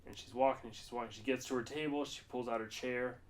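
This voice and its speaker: A man co-hosting a podcast, talking in a loose, rambling way with lots of "like" and casual swearing. His pitch sits in the middle range, and there is a faint hiss of noise under the voice. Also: fairly even intonation, fast talker. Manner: rambling, profane storytelling with lots of fillers. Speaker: podcast co-host. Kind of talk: casual chat.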